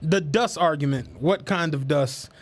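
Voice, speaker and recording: A man's voice: a little high, a little slow. A man co-hosting a podcast, casually telling funny stories and breaking into laughter, with a Philadelphia accent. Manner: animated, laughing storyteller doing quoted voices. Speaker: podcast co-host. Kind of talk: casual chat, storytelling.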